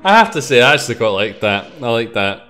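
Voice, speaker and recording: A man's voice: mid-range voice, sing-song, quick pace, pushed and bright, faint music behind. A man streaming a game, chatting casually and laughing while he swears at what happens on screen. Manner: laughing, swearing, talking to himself.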